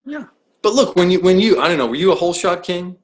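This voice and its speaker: A man's voice: high-pitched, expressive, quick pace, poor audio. A man who is a professional coach, talking as a podcast guest in an emphatic, blunt way, full of rhetorical questions. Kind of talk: podcast interview.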